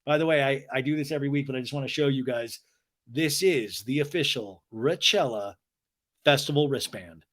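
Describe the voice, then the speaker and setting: A man's voice: medium pitch, normal speed, a bit bright. A man hosting a podcast, giving a sarcastic, profane comedic recap of a reality TV episode. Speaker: podcast host.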